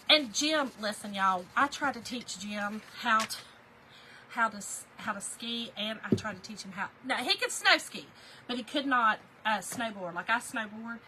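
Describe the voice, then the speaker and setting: A woman's voice: a little high, normal speed, bright, forceful tone, a little hiss or hum, poor audio. A middle-aged woman, chatting folksily while she crafts, laughing often and answering viewer comments. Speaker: craft livestream host. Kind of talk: casual livestream chat while crafting.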